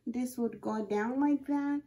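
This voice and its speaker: A high-voiced young woman talks unhurriedly into a phone camera as she fits a wig. She exclaims often and narrates each step of her wig install to viewers in casual self-talk, veering between excitement and nerves. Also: slow. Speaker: wig review vlogger.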